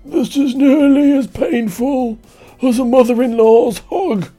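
A man voicing a badly injured man in a river who cracks weak jokes in a strained falsetto. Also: a little slow, mellow, faint music behind. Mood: feeble.

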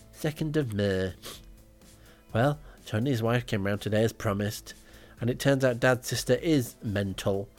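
A man's voice: lowish voice, darkish tone. A man with a dry, rambling manner, telling a comic audio diary at home as podcast host. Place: indoors, front room at home.

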